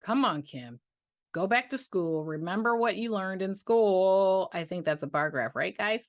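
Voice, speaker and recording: Chatty, gushing woman vlogger, slow and dry. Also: mid-range voice, animated, no room sound, dull audio. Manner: chatty and gushing, trailing off, with playful sung interjections. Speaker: budgeting vlogger. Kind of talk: casual chat to camera.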